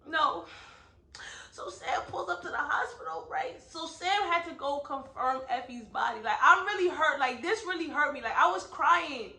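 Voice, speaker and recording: A woman's voice: high voice, lively intonation, moderate pace, sharp tone. A woman giving a casual book review on her vlog, talking emphatically and peppering her speech with "like" and "right?". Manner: emphatic, heavy use of "like" and "right?". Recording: echoey room.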